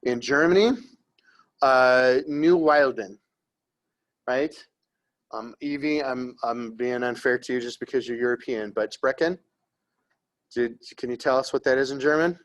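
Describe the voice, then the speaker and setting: A man giving a casual classroom lecture, his voice sitting at an ordinary middle pitch. He rambles and digresses, keeps asking the room "right?" and "okay?", and teases his students lightly. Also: normal speed, fairly bright tone. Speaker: art history teacher.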